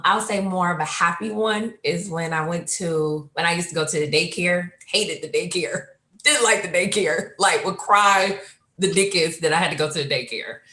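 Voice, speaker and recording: Low-voiced woman telling family memories. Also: reverberant. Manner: animated, leaps high when quoting herself. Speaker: panelist. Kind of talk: personal storytelling.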